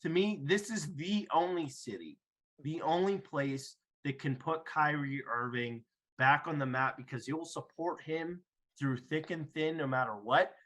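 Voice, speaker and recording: A man's voice: a little high, measured pace, a bit bright, rough recording. A young man hosting a podcast, arguing his sports take emphatically and repeating himself to make his point. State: hiccuping after drinking. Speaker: podcast host. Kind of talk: casual sports debate.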